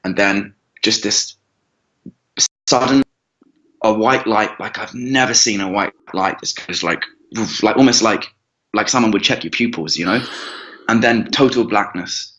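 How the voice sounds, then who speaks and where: Very deep-voiced man, rambling story. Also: fairly bright tone. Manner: rambling, halting, with frequent restarts and swearing. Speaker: guest. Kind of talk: casual storytelling. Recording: dull lo-fi recording.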